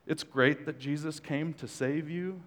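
A man's voice: fairly high pitch, unhurried. Joking male pastor in reverberant church. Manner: conversational preaching with joking asides. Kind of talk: sermon. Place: church sanctuary. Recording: long hall reverb.

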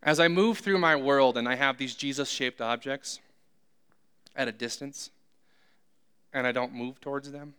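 A man's voice: mid-range voice, measured pace, long pauses, pushed and bright, clean tone. A man preaching a sermon who tells humorous, self-deprecating stories. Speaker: pastor.

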